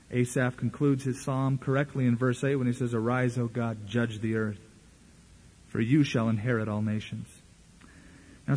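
A man's voice: medium pitch, a little mellow, slightly rough. A male pastor preaching a sermon, making dry, mocking asides.

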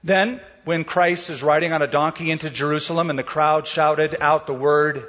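A man's voice: a little high, steady tone, brisk, a bit bright, long reverb tail, lo-fi sound. A man preaching a sermon, explaining scripture in a casual storytelling way and acting out the quotes. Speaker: pastor.

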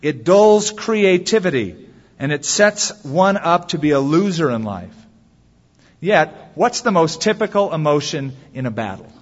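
Male pastor preaching a sermon, fairly high voice, dull muffled recording. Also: slightly rough. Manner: storytelling, acts out quotes with lively shifts. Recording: dull sound with long hall reverb.

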